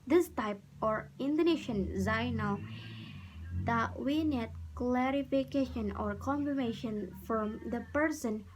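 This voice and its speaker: Slow-reading young woman presenting a lesson. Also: fairly high pitch, a little hiss or hum, poor audio. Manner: slow, careful reading with restarts. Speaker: student presenter.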